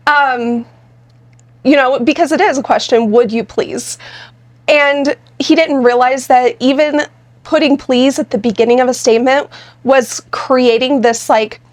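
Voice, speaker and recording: High-voiced woman explaining on a podcast. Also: fairly even intonation, measured pace. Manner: explanatory, direct, gives examples. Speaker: podcast co-host. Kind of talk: casual conversational podcast talk.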